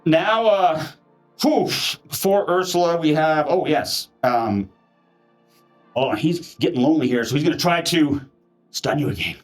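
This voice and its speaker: Animated man running a tabletop game. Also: a little high, a little slow, faint music behind. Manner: animated, acts out enemy soldiers with shouts. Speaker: dungeon master. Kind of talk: narrating a live tabletop game.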